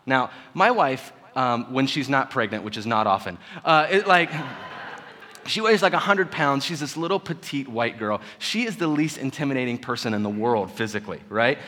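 A man in his thirties preaching in a church, his voice at an ordinary middle pitch. He talks in an easy, joking way and breaks into sudden loud bursts for emphasis. A long reverb from the large room trails every phrase. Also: lively intonation, moderate pace. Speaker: pastor. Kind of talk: sermon. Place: church sanctuary.

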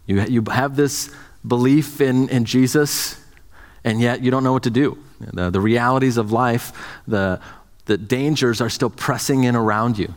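A man's voice: medium pitch, a little slow, long reverb tail. A man preaching a sermon as pastor, speaking conversationally with many restarts and fillers.

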